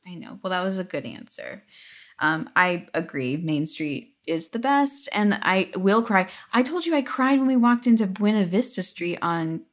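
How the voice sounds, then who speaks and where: A woman co-hosting a casual podcast, upbeat and quick to laugh, quizzing her partner with questions. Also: medium pitch, expressive. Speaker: podcast co-host. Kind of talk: casual chat.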